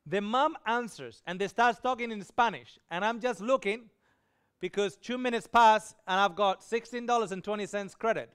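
A man preaching with a high, smooth and resonant voice, telling a personal story with animation. He acts out the people he quotes. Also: normal speed, a bit bright. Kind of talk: storytelling sermon.

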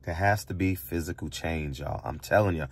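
A man's voice: low-pitched, moderate pace, slightly rough. A middle-aged man from the United States delivering a heated monologue from a barbershop, blunt and preachy, repeating lines and firing rhetorical questions. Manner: hammers points with rhetorical questions. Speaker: barbershop commentator.

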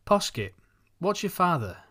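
A man voicing a thin, money-minded schoolboy who talks calmly and deliberately. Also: high voice, voice pushed up, exaggerated voice. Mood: calculating. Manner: calm, calculating, deliberate.

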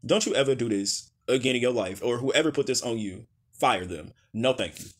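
A man's voice: mid-range voice, expressive, fairly quick. Sassy profane man roasting outfits. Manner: sassy, profane, blunt put-downs; swings between loud jabs and quiet dismissive mutters. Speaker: host. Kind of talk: comedic fashion roast commentary.

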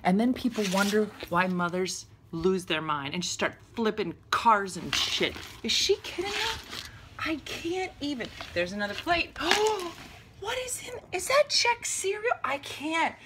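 A woman's voice: on the high side, animated, a little slow, background noise. A middle-aged woman hosting a comic vlog, ranting in exasperation with gasps and exclamations in a bedroom at home. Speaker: comedian vlog host. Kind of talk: casual comic rant to camera.

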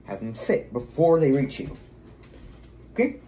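Dog trainer guy at home, mellow low-key voice, chatty how-to with quick sit and back-up commands. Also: very animated, slight background noise. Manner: casual, explains while giving short commands to a dog. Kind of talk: casual how-to video. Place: at home, indoors.

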